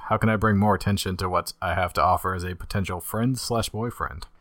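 A man with a deep baritone voice co-hosting a casual podcast, joking in a dry, deadpan way. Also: no room sound. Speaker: podcast co-host.

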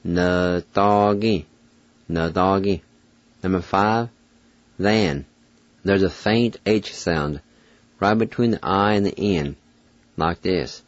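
A man with a very low voice gives a radio language lesson at an unhurried pace, spelling out letters and repeating each word patiently. His voice is dry and close on a studio microphone. The recording has the dull, lo-fi sound of old radio. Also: dry recording.

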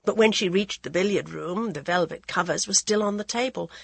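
A woman narrates a novel in a steady, even storytelling voice with a husky, breathy grain. The sound is dry and close, with no room around it. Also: fairly low pitch, dry recording. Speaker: audiobook narrator. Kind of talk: scripted narration.

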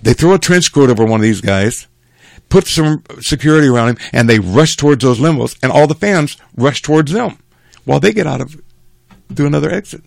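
An older man casually telling a rambling family story, animated and chuckling as he goes. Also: a little high, brisk, gravelly, no echo.

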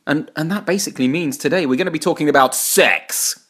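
A man's voice: on the high side, fast talker, a bit bright, breathy edge. A man co-hosting a casual podcast, teasing his co-host and setting up jokes in a playful way. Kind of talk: casual chat.

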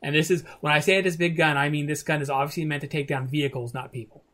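A man's voice: a little high, fairly even intonation, fast, fairly bright tone. A man narrating a tabletop game as game master, rambling with many restarts.

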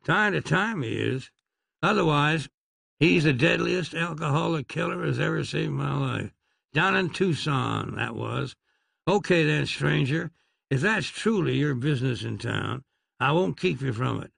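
Narrator as a curt sheriff, drawling, gravelly, husky. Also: male voice, fairly high pitch, animated, a little slow, a bit bright, no room sound, exaggerated voice. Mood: commanding. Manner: clipped, dry, commanding. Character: laconic, stern Wild West sheriff.

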